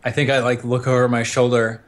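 A man taking his turn in a tabletop game, calmly laying out what his character does. His voice is dry and laid-back, at a middle pitch. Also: fast talker. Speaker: player. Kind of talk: casual tabletop role-play.

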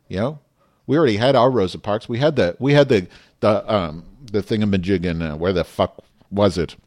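A man's voice: lowish voice, brisk, darkish tone, no echo, studio quality. A man hosting a podcast, ranting in a profane, emphatic and heated way, then turning to casual show chat. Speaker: podcast host. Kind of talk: impassioned rant and show chat.

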